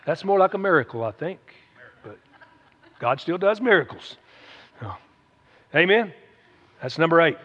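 High-voiced preacher in an echoey hall. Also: male voice, expressive, moderate pace, long pauses. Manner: conversational, folksy, with frequent "amen?" call-outs. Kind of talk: sermon. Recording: echoey hall, dull lo-fi sound.

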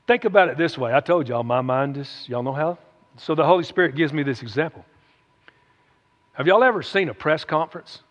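A man's voice: fairly high pitch, animated, fairly quick. A man preaching a sermon in a folksy, conversational way, often calling out "amen?" to the congregation. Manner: conversational, folksy, with frequent "amen?" call-outs. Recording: echoey hall, dull lo-fi sound.

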